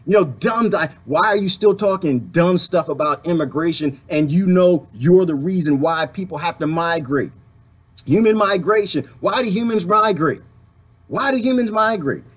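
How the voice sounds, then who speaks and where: A man delivering an impassioned political rant to camera, full of rhetorical questions and mild swearing. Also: high-pitched. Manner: emphatic, rhetorical questions, swearing, laughs often. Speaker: vlogger.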